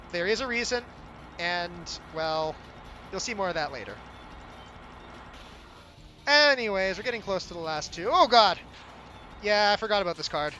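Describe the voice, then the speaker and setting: A young man with a high, bright voice talks over his own game, his pitch bouncing up and down as he explains things. His tone is casual and self-deprecating, and he often restarts his sentences. Game music plays faintly underneath. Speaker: game developer giving commentary. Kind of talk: gameplay commentary.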